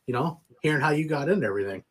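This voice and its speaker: A man's voice: a little high, expressive, racing. A man hosting a casual interview show, laid-back and swearing freely. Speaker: podcast host. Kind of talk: casual chat.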